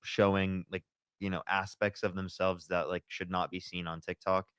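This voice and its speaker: A man's voice: sits low, little pitch movement, moderate pace, fairly bright tone, clear, resonant tone, no room sound, clean studio sound. A man hosting a debate livestream, rambling with many fillers. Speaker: livestream host.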